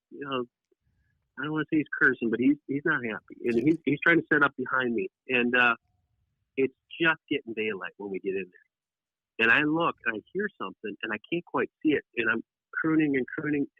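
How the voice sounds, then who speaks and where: Male guest storyteller, animated and rambling, mid-pitched, on a tinny dry phone line. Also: brisk, dry recording. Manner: animated, rambling with many restarts. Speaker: podcast guest, deer hunting writer. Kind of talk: casual storytelling.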